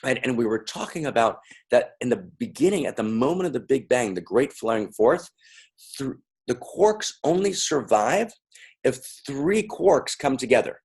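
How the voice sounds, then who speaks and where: Playful man with a husky voice. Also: medium pitch, sing-song, normal speed, a little mellow. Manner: playful, repetitive, calling out to the crowd. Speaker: speaker. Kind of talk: lively interactive talk with audience.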